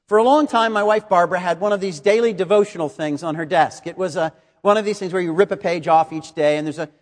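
A middle-aged man preaching a sermon, measured and explanatory, posing rhetorical questions to the congregation. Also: high voice, in a large hall. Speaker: pastor.

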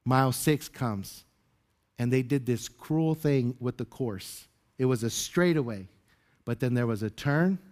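Guy pastor preaching casual, tells a story like he's just chatting, mid-pitched voice. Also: measured pace, a little mellow. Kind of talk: conversational sermon with a personal story.

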